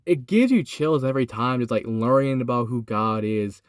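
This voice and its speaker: A man's voice: medium pitch, lively intonation, moderate pace, dry recording, studio quality. A young man casually and earnestly retelling a Bible story, sweaty and teary, filming inside a hot parked car and saying "like" and "dude" a lot. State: sweaty and overheated, has been crying.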